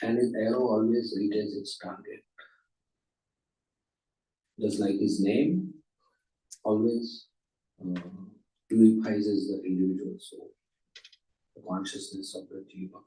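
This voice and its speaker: Brief: unhurried male class speaker with a mellow voice and animated storytelling, recorded far from the mic in a roomy hall. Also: on the low side. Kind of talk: storytelling lecture. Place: temple hall.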